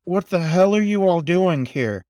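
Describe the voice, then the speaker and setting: Figure: man doing a gruff vigilante mentor. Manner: demanding. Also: mid-range voice, a little slow, no echo, lightly acted. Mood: angry.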